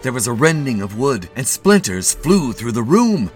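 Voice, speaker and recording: A man reading a short story aloud in an expressive, measured way. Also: mid-range voice, faint music behind. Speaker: narrator.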